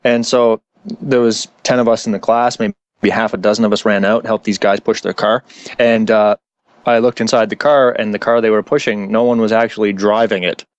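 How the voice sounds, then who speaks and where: A man's voice: lowish voice, level tone, fairly quick, dry recording, highs cut off. A man who is a guest actor on a casual podcast interview, telling stories and laughing often.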